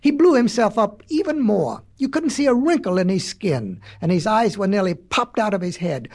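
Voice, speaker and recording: A storyteller reading a fable aloud to children in a dramatic, expressive way with playful asides. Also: medium pitch, normal speed, gravelly, slightly rough.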